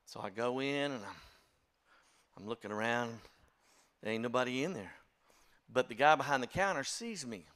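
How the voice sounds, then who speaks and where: A man's voice: medium pitch, lively intonation, normal speed, pauses often, a bit bright. An older man, a church music director telling folksy, self-deprecating stories to his congregation. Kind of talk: storytelling talk to a congregation.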